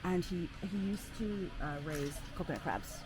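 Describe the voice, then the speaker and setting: A woman's voice: on the low side, very animated, moderate pace, over loud music, poor audio. A young woman vlogging casually as she shows family around a rural yard, chatting and laughing as she acts out what relatives said. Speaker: vlogger giving a family tour. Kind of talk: casual chat. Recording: loud outdoor noise with animals and traffic.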